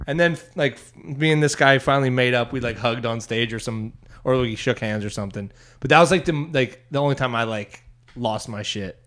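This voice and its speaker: A young man, a stand-up comedian, telling a story in casual chat, rambling with restarts and bursting into loud voices for other people. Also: medium pitch, animated, a little fast. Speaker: stand-up comedian, podcast co-host.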